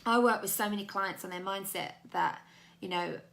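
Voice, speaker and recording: A woman's voice: medium pitch, moderate pace, gravelly, a bit bright. A young British woman, a life coach, talking candidly and chattily to her viewers in a motivational video. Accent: British English. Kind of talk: motivational talk to camera.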